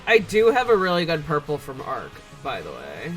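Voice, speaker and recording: A man streaming while painting miniatures, chatting casually in a rambling, relaxed way with many hesitations. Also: a little high, moderate pace, music in the background.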